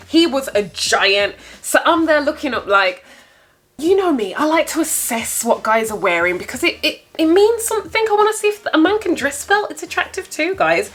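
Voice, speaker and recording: A young woman talks to her viewers in a casual story-time vlog, chatty and playful. Her voice sits a little high and now and then swoops up even higher for effect. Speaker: vlogger.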